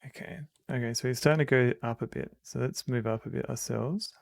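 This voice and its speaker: A man's voice: mid-range voice, brisk, gravelly, dry recording, studio quality. A man streaming a computer game, thinking aloud hesitantly and reading the game's text out. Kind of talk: casual gameplay commentary.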